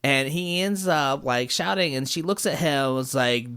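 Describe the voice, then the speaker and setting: A man co-hosting a podcast, retelling a cartoon episode with lively acted-out quotes. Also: mid-range voice, normal speed, hardly any pauses. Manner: animated storyteller, acts out quotes. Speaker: podcast co-host. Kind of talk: casual podcast chat, recapping a show.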